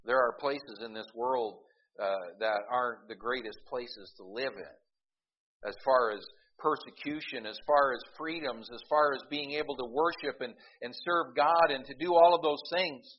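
A man's voice: mid-range voice, moderate pace. Preaching man, muffled lo-fi recording. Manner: calls out "amen?" to the congregation, emphatic rises. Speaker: pastor. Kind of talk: sermon. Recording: dull lo-fi recording.

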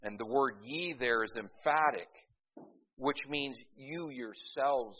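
A man's voice: mid-range voice, takes it slowly. Emphatic preacher man, dull lo-fi sound. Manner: emphatic, swings from loud urgency to quiet intensity; repeats words and restarts, folksy asides. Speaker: pastor. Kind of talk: sermon.

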